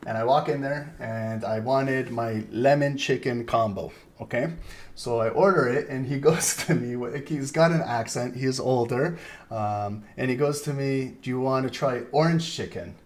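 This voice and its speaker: A man's voice: mid-range voice, a little slow. Chatty man calling live trades. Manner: rambling, chatty, frequent laughter. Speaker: trading stream host. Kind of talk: casual live trading commentary.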